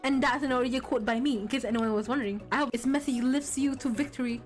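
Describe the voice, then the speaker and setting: A woman VTuber streaming a game, reading its text aloud and bursting into loud outcries and laughter. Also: sits high, fairly even intonation, fast talker, soft background music.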